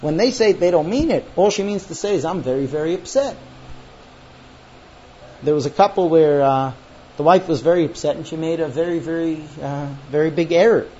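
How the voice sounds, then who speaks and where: A high-pitched man lectures a class about marriage, jumping into stories and playing out both sides of a quarrel. The recording is dull and lo-fi, with a faint hum of room sound behind him. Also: fast. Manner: animated storyteller acting out quoted voices. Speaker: teacher.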